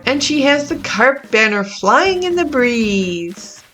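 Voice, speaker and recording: A woman hosts her own gaming video, chatting through her island build in a gentle, easily amused voice. She talks at an unhurried, drawn-out pace, and her voice sits a bit high. Soft instrumental music plays faintly behind her. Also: big pitch swings. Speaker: gaming channel host. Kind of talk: casual gameplay commentary.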